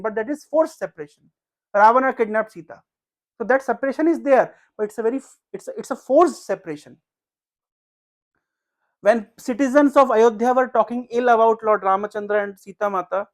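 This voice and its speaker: A man giving a devotional talk at a home gathering. He tells a sacred story in an earnest, conversational way, full of fillers and restarts. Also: extremely high pitch. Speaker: speaker at a devotional house program.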